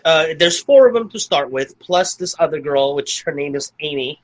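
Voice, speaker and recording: A man co-hosts a podcast, recapping a film in a casual movie review chat, rambling with lots of "like" and restarts. His voice is on the high side with lively intonation at a normal speed, and the recording is low quality.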